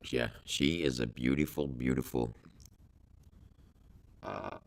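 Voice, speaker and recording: A man's voice: a bass voice, takes it slowly, gravelly. A man co-hosting an improvised comedy podcast, telling absurd stories in a rambling, stammering way. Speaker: podcast co-host.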